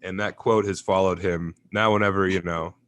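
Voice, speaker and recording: A man's voice: low voice, fairly even intonation, normal speed, fairly bright tone, dry recording. A young adult man, a stand-up comedian, talking casually in an interview, telling stories, laughing often and mimicking voices.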